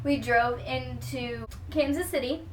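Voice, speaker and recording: High-voiced gushing young woman vlogger. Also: measured pace, a little hiss or hum. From Texas. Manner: gushing, excited fan storytelling with many "like" and "um" fillers. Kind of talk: casual storytime vlog. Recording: roomy sound with the mic at a distance.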